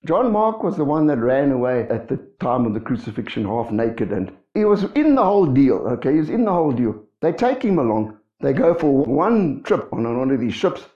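A man preaching a sermon to his congregation, animated, acting out quoted voices and asking the listeners questions. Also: mid-range voice, echoey room, muffled recording. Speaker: pastor.

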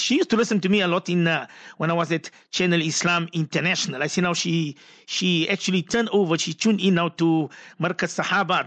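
Bright-voiced radio host. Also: male voice, high-pitched, no echo. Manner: chatty, muses aloud and stumbles over pronunciations. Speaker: radio presenter. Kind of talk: casual on-air chat reading listener messages.

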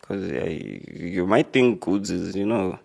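A man hosting a radio show, reading out a news article with relaxed, rambling commentary and joking asides. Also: low voice, unhurried, creaky, husky. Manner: laid-back, rambling, joking asides with fillers.

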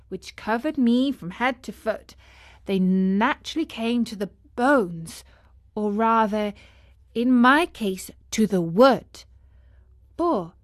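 A woman's voice: fairly high pitch, fairly bright tone. A woman voicing a cheeky, cheerful wooden puppet boy in a storybook reading, teasing and playful. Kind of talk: audiobook character reading.

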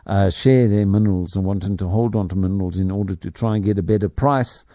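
A man's voice: low voice, fairly even intonation, fast, dark tone, dry recording, clean studio sound. A man hosting a business show, giving opinionated commentary in a rambling way with many fillers and restarts. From Africa. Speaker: host.

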